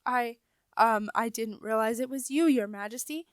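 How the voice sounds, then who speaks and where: A woman's voice: fairly high pitch, moderate pace, smooth, no echo, close to an everyday voice. A woman voicing an elderly, portly male rat who runs a message office, flustered and apologetic with a stammer. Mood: fussy.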